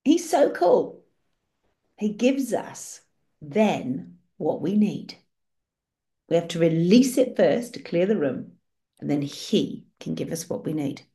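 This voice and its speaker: A woman's voice: lowish voice, sing-song, slow, mellow. A woman leading an online prayer session on a video call, speaking in an encouraging, storytelling way. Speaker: prayer group leader.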